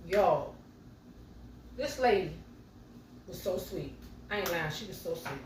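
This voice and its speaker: This middle-aged home cooking vlogger speaks in a lowish voice, a little slow but with lively intonation, chatting to y'all as she cooks and shares a story. Background noise is present, and the far-off mic gives the audio a roomy feel.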